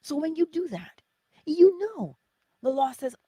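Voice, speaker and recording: A woman's voice: high voice, big pitch swings, a little slow, warm tone, dry recording. A woman giving an inspirational morning teaching in a preacherly, conversational way, full of rhetorical questions. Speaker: spiritual teacher.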